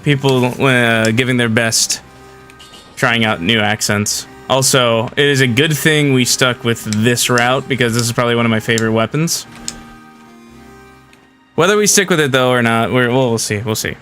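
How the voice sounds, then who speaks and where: Bright-voiced young man streaming games. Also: medium pitch, moderate pace, faint music behind. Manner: rambling, friendly, chats to viewers. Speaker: game streamer. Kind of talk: casual live-stream chat while gaming.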